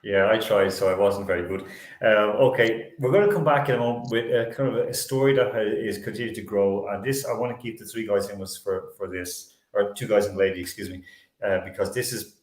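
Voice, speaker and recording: A man's voice: on the low side, a little fast, echoey room. A man hosting a sports talk show, telling stories in a rambling, self-correcting way.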